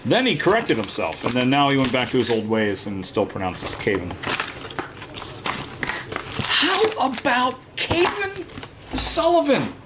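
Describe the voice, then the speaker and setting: A man's voice: on the low side, lively intonation, a little fast, few pauses, noisy background. A man hosting a live card break, chatting casually and teasing viewers, with lots of "uh" fillers. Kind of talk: casual live-stream chat.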